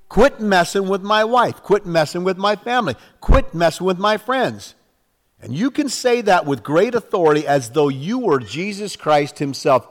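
A man's voice: a little high, in a large hall. A man preaching a sermon in a fervent, conversational way, acting out prayers in his own voice. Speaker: pastor.

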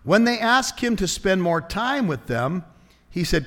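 A man preaching a conversational sermon as pastor, shifting into a soft hush for prayers. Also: sits high, very animated, unhurried, in a large hall.

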